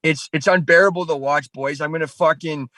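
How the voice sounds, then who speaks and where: A man's voice: on the high side, fairly even intonation, a little fast, pushed and bright, dry recording. A man from Canada, a podcast guest, rambling and swearing constantly in crude casual chat. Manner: profane, rambling, ranting.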